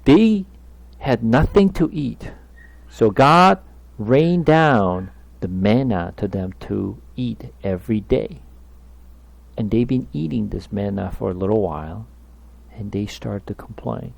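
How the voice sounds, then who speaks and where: Slow, gravelly man teaching the Bible. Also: fairly low pitch, dry recording. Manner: emphatic, asks the listeners questions.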